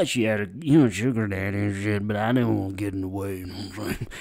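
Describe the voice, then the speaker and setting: A young man giving a loud, profane, mocking reaction commentary over a dating video. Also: lowish voice, sing-song, fairly quick, no echo, clean studio sound. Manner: loud, profane, heckling, swings into shouting.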